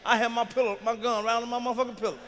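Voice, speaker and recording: A man performing a profane stand-up comedy routine, shouting and ranting through his stories. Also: very high-pitched, level tone, rapid-fire. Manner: profane, shouting, fired-up storytelling. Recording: live hall reverb, faint background noise.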